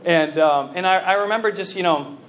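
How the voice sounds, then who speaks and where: A male preacher delivering a sermon in a high, light voice. He tells stories animatedly, restarting his sentences and filling the pauses with "you know". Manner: animated storytelling with many fillers and restarts.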